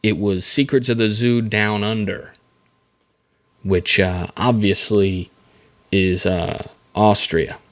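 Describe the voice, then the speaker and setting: A man's voice: fairly low pitch, fairly even intonation, slow pace. A man hosting a casual solo podcast, rambling through the topic with jokey asides and self-mocking comments. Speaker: podcast host.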